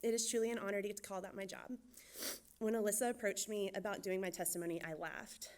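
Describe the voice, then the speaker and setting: A young woman, a church children's director from Georgia, gives a nervous personal testimony, talking quickly and laughing often. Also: medium pitch, fairly even intonation, darkish tone. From Georgia, USA.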